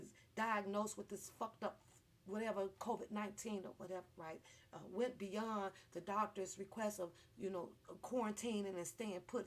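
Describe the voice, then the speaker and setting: A woman hosting a casual livestream commentary, ranting heatedly and with heavy profanity to her viewers. She swings between loud outbursts and low, muttered asides.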